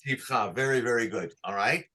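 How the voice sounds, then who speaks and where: A man teaching a class on chanting, who asks patient questions and sings short phrases slowly to show how they go. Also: medium pitch, bright, forceful tone. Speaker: cantor teaching Torah chanting. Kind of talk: online class, chanting examples.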